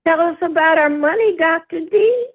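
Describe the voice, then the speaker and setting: A woman hosting a spiritual group call, leading call-and-response affirmations in a lively, folksy, preacherly way. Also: very high-pitched, normal speed. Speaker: host. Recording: tinny phone-line audio.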